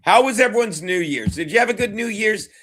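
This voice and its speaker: A man's voice: high-pitched, expressive, fairly quick, fairly bright tone. A man hosting a casual sports talk show, rambling and jokey with lots of swearing.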